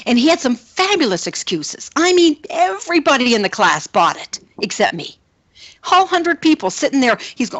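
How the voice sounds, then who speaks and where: A middle-aged woman, a film producer and coach, tells emphatic, repetitive stories in an interview, animatedly acting out quotes with shifting voices. Her pitch is fairly high, and the recording is dry and dull.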